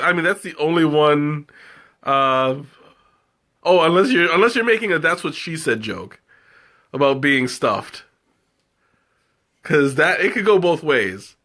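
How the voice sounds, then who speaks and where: A man's voice: a little high, animated, measured pace, long pauses, pushed and bright. A man hosting a live tea tasting, chatting casually and rambling with many fillers and restarts. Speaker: livestream host tasting tea.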